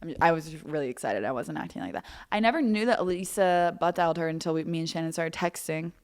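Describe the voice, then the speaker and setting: Chatty young woman, low voice. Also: quick pace. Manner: chatty, animated, heavy use of "like", self-mocking. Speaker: podcast host. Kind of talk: casual storytelling.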